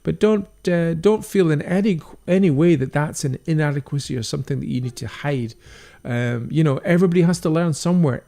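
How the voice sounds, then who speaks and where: Gravelly Scottish man, chatty livestream host. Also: fairly high pitch, darkish tone. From Scotland. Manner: chatty, encouraging, reads viewer comments aloud. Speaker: stained glass artist hosting a livestream. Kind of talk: casual livestream chat.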